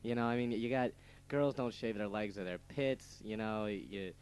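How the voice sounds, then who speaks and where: A man's voice: on the low side, normal speed, a little mellow, smooth. A young man co-hosting a casual radio show, rambling through stories with lots of stammered restarts and laughs at his own jokes.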